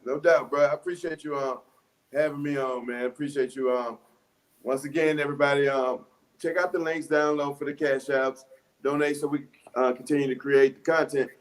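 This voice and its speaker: A man's voice: mid-range voice, fairly even intonation, moderate pace. A man co-hosting a casual talk show, bantering playfully and joking with slang. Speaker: show co-host. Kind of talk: casual show sign-off chat.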